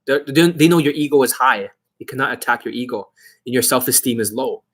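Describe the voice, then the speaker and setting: A dating coach rants on a livestream, profane and confrontational, in a husky man's voice at a middle pitch. He hammers at the listener with blunt, repeated questions. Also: a little fast, a bit bright.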